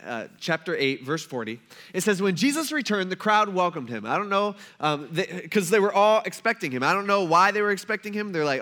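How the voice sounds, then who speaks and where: Guy preaching, high bright voice, laid back, acts out the people in the story. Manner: animated storytelling, acting out characters in quick asides. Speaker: pastor. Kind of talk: casual retelling sermon.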